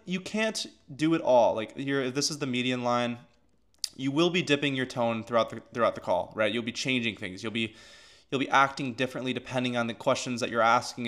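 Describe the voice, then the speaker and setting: Man, mid-pitched voice, casual sales coaching, chatty, filler-heavy, restarts often. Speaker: agency coach. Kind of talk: casual teaching of sales calls.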